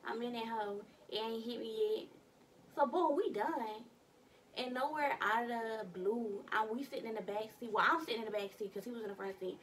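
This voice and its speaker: A young woman vlogging from her bedroom, telling a story in an animated, slangy way with some cussing. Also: on the high side, moderate pace, recorded from a distance, slight background noise. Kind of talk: casual storytime vlog.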